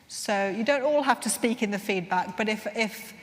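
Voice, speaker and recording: A woman's voice: medium pitch, moderate pace. Earnest woman speaking in a reverberant hall. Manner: earnest, heartfelt, gently searching. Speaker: workshop leader at a chaplains' conference. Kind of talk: conference talk with storytelling. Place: conference room. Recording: long reverb in a large room.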